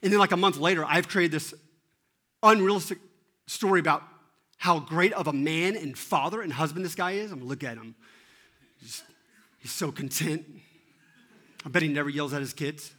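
A man in his thirties giving an animated, self-deprecating sermon and often asking the audience questions. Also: on the high side, normal speed, pauses often. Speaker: teaching pastor.

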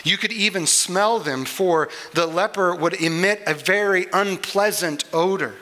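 A man preaching a sermon, earnest and unhurried, with small restarts as he explains a Bible passage. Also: high voice, sharp tone, rough recording. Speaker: pastor.

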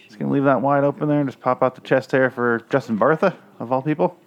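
A man's voice: mid-range voice, steady tone, fast talker, vocal fry, highs cut off. Sarcastic profane man riffing on a movie. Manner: sarcastic, rambling, crude. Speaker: movie commentator. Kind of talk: casual profane movie commentary. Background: movie audio playing.

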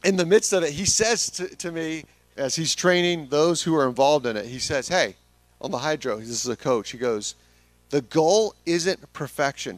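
A man's voice: mid-range voice, no room sound. Earnest man preaching, dry sound. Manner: conversational, earnest, addresses the congregation directly. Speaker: pastor. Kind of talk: sermon.

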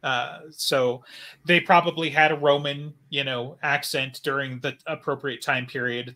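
A man's voice: mid-range voice, pushed and bright. A man co-hosting a podcast in casual chat, rambling with many fillers.

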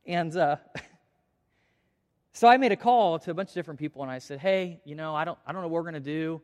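A man leading a church service as pastor, praying and then telling an emotional story with halting restarts. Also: fairly high pitch. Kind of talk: prayer and church announcement. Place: church auditorium. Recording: long reverb of a church hall.

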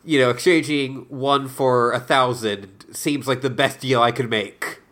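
A man co-hosting a podcast, chatting casually about a book and dropping in unhurried, enthusiastic asides. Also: medium pitch, steady tone, fairly bright tone. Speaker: podcast co-host. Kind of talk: casual book-club chat.

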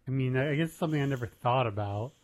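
A man's voice: mid-range voice, quick pace. A married man co-hosting a podcast, chatting and asking curious questions about a TV episode. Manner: chatty, curious, often laughs. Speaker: podcast co-host. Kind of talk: casual chat recapping a TV episode.

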